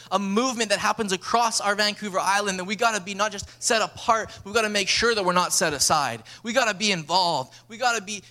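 A young man, preaching a lively sermon as a pastor and acting out stories. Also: high voice. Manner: energetic storytelling preacher, acts out dialogue.

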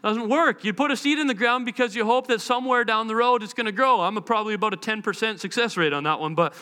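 A man preaching a sermon in a conversational, animated way, acting out the quotes he tells. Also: high voice, quick pace, clean tone, in a large hall. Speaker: pastor.

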